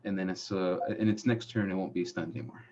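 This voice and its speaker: A young man narrating as game master, describing scenes in a halting way with frequent fillers. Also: low-pitched, steady tone, noisy background. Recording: muffled lo-fi audio.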